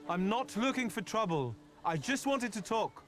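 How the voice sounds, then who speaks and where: An actor playing a polite, soft-spoken wanderer in a video game who asks villagers for help. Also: male voice, sits high, very animated, normal speed, faint music behind.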